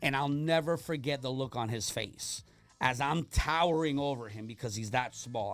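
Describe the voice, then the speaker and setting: A man's voice: mid-range voice, moderate pace, fairly bright tone, no echo, soft background music. Blunt-talking man in casual radio chat. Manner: blunt, profane storytelling. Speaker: radio co-host.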